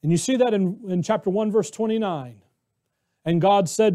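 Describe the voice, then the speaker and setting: Animated high-voiced American preacher. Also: male voice, moderate pace. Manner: animated, conversational, acts out voices. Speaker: pastor. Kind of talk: sermon.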